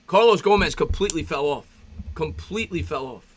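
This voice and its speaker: A man calling a baseball game play by play as a fan host, chatty and rambling, breaking off between pitches to greet viewers and reminisce, his voice jumping up when excited. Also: brisk, husky. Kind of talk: amateur play-by-play commentary with reaction.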